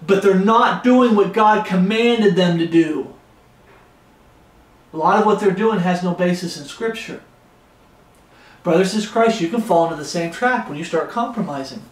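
Impassioned high-voiced male preacher. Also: lively intonation, moderate pace. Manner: impassioned, raises his voice. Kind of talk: expository Bible sermon. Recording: echoey room.

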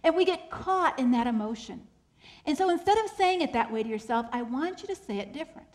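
A woman with a high, light voice gives a faith-based motivational keynote. She talks expressively and often slows and softens to land a point. She repeats her key phrases so they sink in. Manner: expressive, slows and drops to a soft voice for emphasis; repeats key phrases to drive them home. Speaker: keynote speaker.

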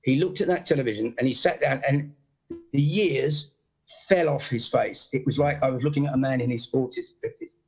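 A middle-aged man, a guest comedian, telling animated stories with blunt swearing over a video call. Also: medium pitch, a little fast, slightly rough, highs cut off. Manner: animated storyteller, frequent impressions, blunt swearing. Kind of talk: casual anecdote telling.

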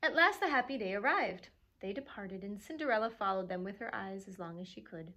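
A woman librarian with a mid-range voice reads a storybook aloud to children, expressive and animated, stopping now and then to chuckle at the pictures.

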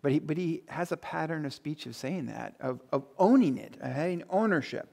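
Chatty pastor with a slightly high voice. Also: male voice, animated, a little fast, creaky, warm tone. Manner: conversational, many fillers and restarts, chuckles at his own stories. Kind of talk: sermon.

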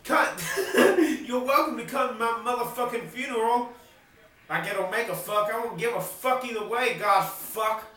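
A man's voice: very high-pitched, normal speed. Guy ranting and cussing nonstop outside, super echoey, far from the mic, noisy. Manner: constant swearing, shouting bursts, loud laughs. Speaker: amateur rapper vlogging. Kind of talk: angry profane rant. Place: outdoors on a street.

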